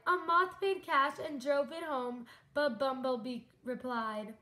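A woman reading a children's picture book aloud in a gentle, expressive storytelling manner. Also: sits high, slow pace, hardly any pauses, reverberant.

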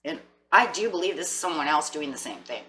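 A woman's voice: sits low, lively intonation, brisk, recorded from a distance, background noise. A middle-aged woman giving a casual tarot reading in a playful, sassy, chatty way. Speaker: tarot reader.

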